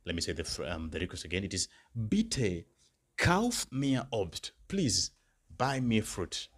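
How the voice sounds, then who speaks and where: A man tutoring for a beginner German exam, explaining in English and slowly repeating German phrases for learners. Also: low voice, big pitch swings. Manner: patient explainer, checks understanding with "right?" and "okay?". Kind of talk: exam-prep lesson.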